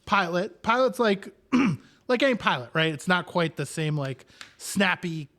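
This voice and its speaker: A man's voice: sits high, lively intonation, measured pace, pushed and bright. A man co-hosting a podcast in casual chat, talking loosely with lots of filler words and restarts. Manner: chatty, hedging with filler words. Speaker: podcast co-host.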